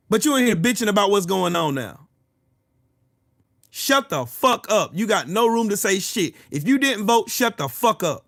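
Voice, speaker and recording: A man rants furiously at his live chat. His voice sits high, and he swears and shouts his way through every point. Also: expressive, normal speed. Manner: furious, profane, shouting at commenters. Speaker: live-stream host. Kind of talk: angry political rant to live chat.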